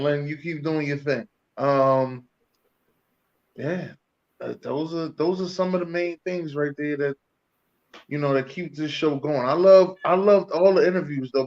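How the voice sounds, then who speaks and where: A man in casual podcast chat, easygoing and fond of repeating himself. His voice sits a bit high and comes through on slightly dull, lo-fi audio. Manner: laid-back, easygoing, repeats phrases. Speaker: podcast co-host.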